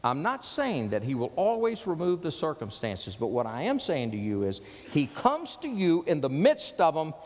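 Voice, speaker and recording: A man preaching a sermon as pastor, with impassioned delivery that drops low and soft when he quotes the words of Jesus. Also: wildly swooping pitch, normal speed, hardly any pauses, big-room sound.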